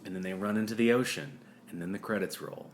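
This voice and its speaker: A man co-hosting a casual podcast, recapping a movie plot and briefly doing quick offhand voices for its characters. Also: deep voice, a little hiss or hum. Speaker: podcast co-host.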